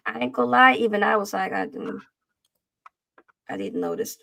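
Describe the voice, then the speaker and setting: A woman's voice: a little high, wildly swooping pitch, takes it slowly, gravelly, long pauses, a bit bright. A woman co-hosting a casual football chat show, talking in a playful, trash-talking way full of slang. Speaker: podcast co-host.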